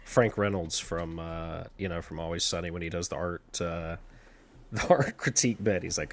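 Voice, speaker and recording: Gravelly low-voiced man joking around. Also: normal speed. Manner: joking, animated, slips into comic voices. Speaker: podcast editor and producer. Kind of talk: casual podcast chat.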